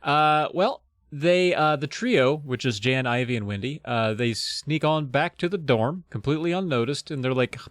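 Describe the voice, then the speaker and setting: A man's voice: mid-range voice, normal speed, few pauses, smooth, no room sound. Dry-sounding man joking through a recap. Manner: joking, rambling with fillers and asides. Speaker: podcast host. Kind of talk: casual comedic book recap.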